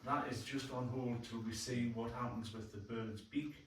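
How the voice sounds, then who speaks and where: A plainspoken man delivers a colloquial councillor's report at a council meeting. His voice sits at an ordinary pitch. It rings through a very echoey room from a distant mic, with faint background noise. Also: fairly even intonation, moderate pace, a bit bright.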